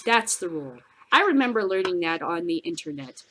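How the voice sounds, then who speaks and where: A woman hosting a news commentary show, ranting bluntly and profanely, going from loud outbursts to low muttering. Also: very animated, fairly quick, hardly any pauses. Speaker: podcast host.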